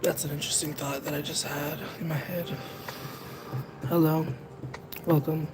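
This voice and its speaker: A young man chatting casually with viewers on a livestream, rambling and second-guessing himself out loud. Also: a little high, flat delivery, moderate pace. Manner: rambling, self-conscious, overthinks aloud. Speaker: livestreamer and tarot reader. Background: music playing in the background.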